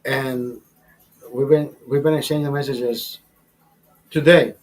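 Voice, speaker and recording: A man's voice: medium pitch, steady tone, slow pace, faint music behind. A man hosting a livestream in casual, crude chat, profane and rambling, often laughing. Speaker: livestream host.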